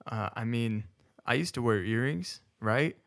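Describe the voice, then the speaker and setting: A man's voice: mid-range voice, a little slow, vocal fry. Rambling, self-correcting man in chat. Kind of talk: casual podcast discussion.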